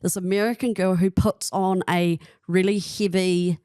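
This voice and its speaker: A woman's voice: lowish voice, steady tone, normal speed, darkish tone, smooth, dry recording, studio quality. A young woman, a podcast guest chatting casually and telling gossipy stories. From New Zealand.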